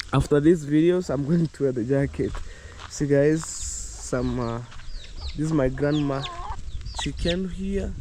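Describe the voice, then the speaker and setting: A man's voice: medium pitch, background noise. A young man from Kenya with a Kenyan accent, chatting loosely to his viewers outdoors in a village yard, peppering his talk with "you know, guys". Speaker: vlogger. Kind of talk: casual vlog chat to viewers.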